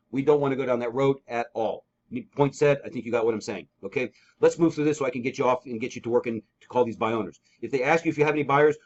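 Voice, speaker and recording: Male sales trainer, quick and emphatic, on a muffled lo-fi call line. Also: mid-range voice, darkish tone. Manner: emphatic, repetitive, coaching with sample scripts. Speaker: real estate trainer. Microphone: call recording. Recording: dull lo-fi call audio.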